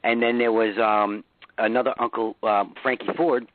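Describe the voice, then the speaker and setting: A man's voice: on the low side, level tone, normal speed, no echo. A man with a New York accent, a guest musician chatting loosely in a radio interview, swearing freely and laughing often. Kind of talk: casual radio interview chat. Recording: tinny phone line.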